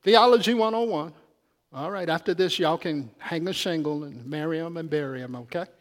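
A man's voice: a little high, a little fast. A man preaching a sermon in a church, chatty and calling out questions to the congregation. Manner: conversational, calls out to the congregation. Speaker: pastor. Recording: long reverb of a church hall.

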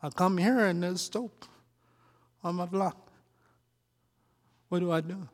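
A man's voice: high voice, takes it slowly, in a large hall. A male pastor preaching a conversational sermon, teasing his congregation with questions and asides. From Chicago. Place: church sanctuary.

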